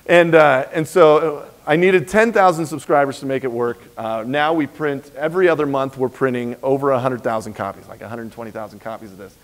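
A man giving a university lecture as a business speaker, telling his story in an animated, emphatic way and acting out quoted exchanges. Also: medium pitch, brisk, few pauses. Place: lecture hall.

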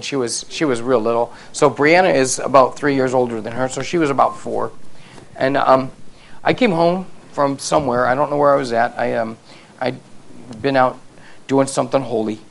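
In a church sanctuary, a middle-aged pastor with a gravelly, mid-range voice delivers a sermon. He tells family stories with self-deprecating humor and builds to loud, emphatic peaks.

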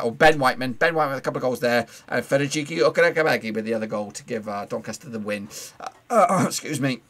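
A man hosting a casual football predictions recap, chatty and playful, with quick asides, fillers and a voice he says he is losing. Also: on the high side, gravelly, a bit bright. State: losing his voice.

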